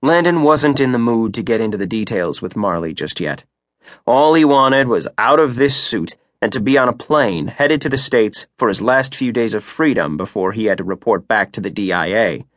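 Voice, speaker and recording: A man narrating an audiobook thriller in a steady, measured way. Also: lowish voice, no room sound, clean studio sound. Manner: steady, measured, rising for action beats. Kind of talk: scripted narration.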